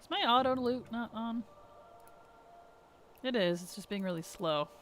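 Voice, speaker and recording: A woman streaming a game, chatting casually with viewers, chatty and giggly with animated rants. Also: a little high, unhurried, a little hiss or hum. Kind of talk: casual gameplay chat with viewers.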